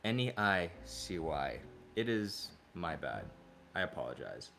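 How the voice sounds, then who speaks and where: A man's voice: deep voice, very animated, unhurried, vocal fry, over music. A man hosting a casual livestream from his home kitchen, chatting with viewers and cooing baby talk at his dogs. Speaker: livestream host. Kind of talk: casual livestream chat while cooking.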